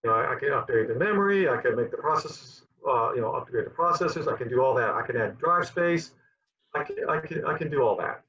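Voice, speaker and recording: His mid-range voice is animated, fast, pushed, bright and husky as he talks as a guest in a conversational interview. The QA director rambles and keeps repeating words, and the audio has a dull lo-fi quality.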